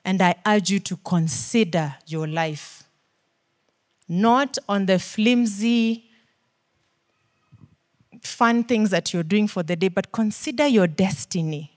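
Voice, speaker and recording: Earnest, pleading Kenyan woman preacher. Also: mid-range voice. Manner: earnest, pleading, rapid questions, shifts from whispers to emphatic pushes. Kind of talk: sermon.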